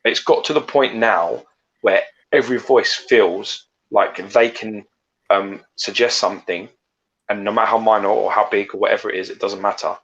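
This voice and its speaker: A man's voice: on the low side, fairly even intonation, moderate pace, a bit bright. A man co-hosting a podcast in casual chat, blunt and ranting with plenty of swearing. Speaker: podcast co-host. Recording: slightly dull lo-fi audio.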